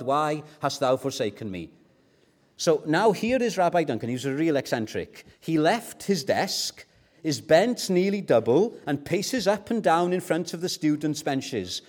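Slow, earnest male preacher. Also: a little high. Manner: earnest, storytelling, rhetorical questions. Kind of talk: sermon.

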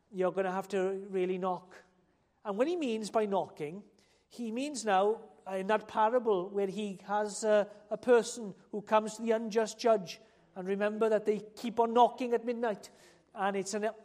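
A preacher delivering a sermon, talking straight to the listeners with rhetorical questions and repeated phrases that build to loud, emphatic appeals. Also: medium pitch.

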